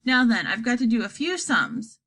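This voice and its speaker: A woman voicing an eccentric, chirpy male candy maker in an audiobook, brisk and theatrical. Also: a little high, big pitch swings, a bit bright, slightly rough, heavily acted. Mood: breezy.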